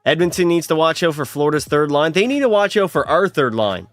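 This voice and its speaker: A man's voice: a little high, expressive, brisk, no echo, soft background music. A young man live-streaming a hockey video game, chatting and teasing his viewers as he plays. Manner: chatty, teasing, banters with chat.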